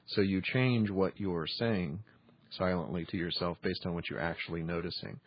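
Man, deep voice, husky, measured meditation teacher, dry close mic, dull lo-fi sound. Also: no echo. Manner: measured, pauses often with ums. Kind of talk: instructional podcast talk.

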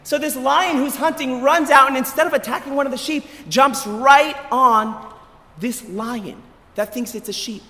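A man giving an animated sermon as a rabbi, telling a story with emphatic repetition. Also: very high voice, moderate pace, in a large hall. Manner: animated, emphatic, repeats words as he builds. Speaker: rabbi giving a short lecture.

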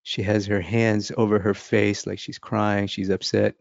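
A man's voice: fairly low pitch, flat delivery, unhurried, gravelly, no room sound, lo-fi sound. A man teaching a casual drawing lesson. He talks and laughs as he thinks aloud while sketching. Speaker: art instructor.

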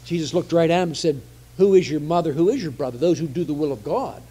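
A man's voice: on the high side, animated, fast talker, dark tone, slightly rough. A man preaching a conversational sermon, often repeating phrases for emphasis.

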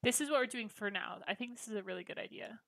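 A woman's voice: fairly high pitch, quick pace, vocal fry, a bit bright, no room sound. A woman hosting a gaming livestream, chatting casually and bubbly with her viewers. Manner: bubbly, chatty, reacting to chat.

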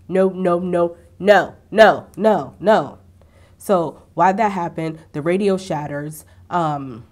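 A young woman with a slightly low-pitched voice talks through a TV episode in a loose, chatty way. She throws in sassy asides and acts out quotes with relish. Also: darkish tone. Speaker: TV recap vlogger. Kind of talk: casual chatty recap. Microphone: ring-lit camera setup at home.

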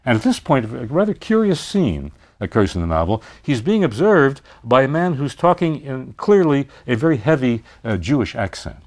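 An older man giving a university literature lecture, retelling a story with animated emphasis. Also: mid-range voice, moderate pace, hardly any pauses.

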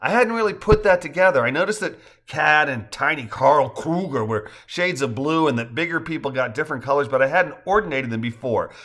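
A man reading aloud and voicing a boastful, excitable husband, loud and raised in pitch. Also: brisk, hardly any pauses. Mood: excited. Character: boisterous, boastful husband on vacation.

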